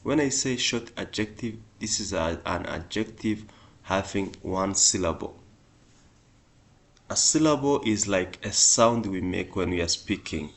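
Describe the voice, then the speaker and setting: Slow, low-voiced male English teacher. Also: expressive. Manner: slow and deliberate, repeating example words; stresses example words louder and higher. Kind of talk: beginner grammar lesson.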